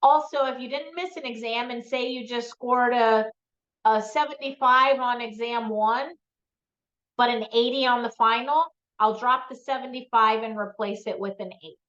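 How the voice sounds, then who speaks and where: A woman's voice: a little high, fairly even intonation, normal speed, a bit bright. A woman math instructor giving classroom announcements, with frequent ums, checking in with "okay?". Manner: frequent ums, repeats key points with "okay?". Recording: dull lo-fi lecture recording.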